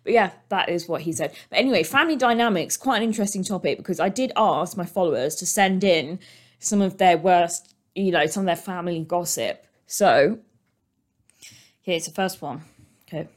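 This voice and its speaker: A British woman talks through a solo podcast episode in a loose, rambling way. Her voice sits slightly low, and she fills her sentences with ums and likes as she chats into a desk microphone. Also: moderate pace. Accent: British English. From Britain. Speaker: podcast host. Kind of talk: casual solo podcast chat.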